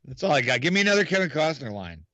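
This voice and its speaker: Playful mid-pitched man on a podcast. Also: very animated, racing, pushed and bright, dry recording, muffled recording. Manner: playful, laughing, trailing off into fillers. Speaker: podcast co-host. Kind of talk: casual film review chat.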